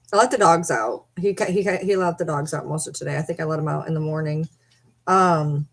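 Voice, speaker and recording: A woman chatting casually to camera from her bed at home, breaking off to coo at her pets. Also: fairly low pitch. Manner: chatty, drifts into baby talk with her animals. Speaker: vlogger.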